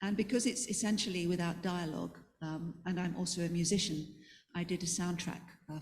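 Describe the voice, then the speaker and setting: A woman's voice: on the low side, darkish tone. A woman with an English accent, introducing herself as a cartoonist on a discussion panel in a chatty, self-deprecating way. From England. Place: event hall. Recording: long hall reverb, faint noise.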